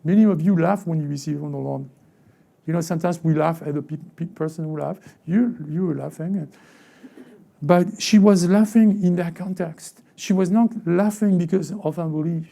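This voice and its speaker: Gravelly, very dark-voiced pastor preaching. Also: male voice, a little high, normal speed. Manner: acts out short quoted voices, asks the congregation rhetorical questions; repeats words and restarts phrases. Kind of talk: sermon. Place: church sanctuary.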